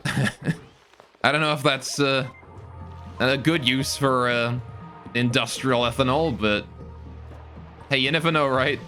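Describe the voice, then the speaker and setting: A man's voice: mid-range voice, slow pace, long pauses, bright, forceful tone, faint music behind. A man streaming a game live, joking with his chat while he plays. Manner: joking, chats with viewers while playing.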